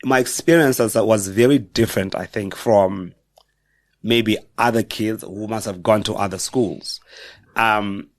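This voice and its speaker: A middle-aged man with a South African accent speaks in a fairly low voice, telling personal stories as a podcast guest. He talks reflectively and haltingly, often correcting himself mid-sentence. The sound is dry and close, with little room reflection. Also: no room sound. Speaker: guest author. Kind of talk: personal storytelling in a podcast interview.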